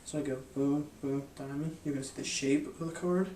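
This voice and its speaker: A man's voice: mid-range voice, steady tone, brisk, mellow, reverberant, far from the mic, a little hiss or hum. A man explaining a mind-reading card technique in a loose, rambling way, with lots of fillers and restarts. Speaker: magic and hypnosis instructor. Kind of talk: casual instructional explanation.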